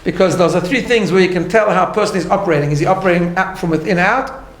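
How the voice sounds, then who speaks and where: A man's voice: sits high, fast. Earnest male teacher in an echoey room. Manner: earnest, explains step by step, tags lines with "right?". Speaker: class teacher. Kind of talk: recorded class lecture.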